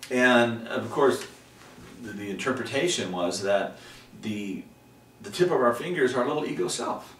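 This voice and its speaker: A middle-aged man from Texas, a guest in an interview, telling about his dreams in an animated way, jumping to high exclamations when he acts out scenes. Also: normal speed, recorded from a distance. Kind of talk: personal storytelling in an interview. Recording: roomy, from away from the mic, faint background hiss.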